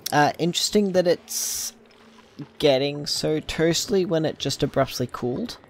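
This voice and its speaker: Speaking at a measured pace in a voice on the high side, a man hosts a gameplay video. He thinks aloud casually, rambling into side tangents with many ums and fillers.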